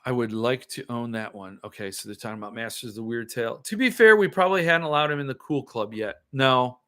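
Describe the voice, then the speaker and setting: A man's voice: medium pitch, fast talker, a bit bright. A man hosting a livestream, ranting sarcastically and answering viewer comments in casual chat. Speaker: podcast host.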